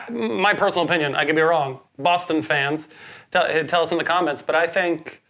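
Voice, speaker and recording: A man co-hosting a casual movie review podcast, teasing his partner and laughing between quick opinions. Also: a little high, bright, forceful tone. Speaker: podcast co-host. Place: Boston.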